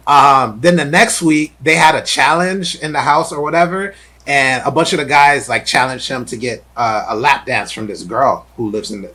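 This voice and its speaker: Bright, husky-voiced male podcast host. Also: medium pitch. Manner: animated storytelling, lots of "like". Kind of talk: casual chat.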